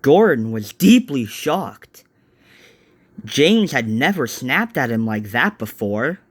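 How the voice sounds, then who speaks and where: Amateur male storyteller; slow, lively intonation. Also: medium pitch, slightly rough, dry recording, clean studio sound. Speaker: narrator.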